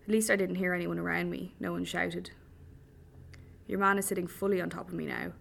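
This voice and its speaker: A woman's voice: fairly low pitch, fairly even intonation, fairly quick, gravelly, fairly bright tone. A woman reading a first-person story with dry humour. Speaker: audiobook narrator.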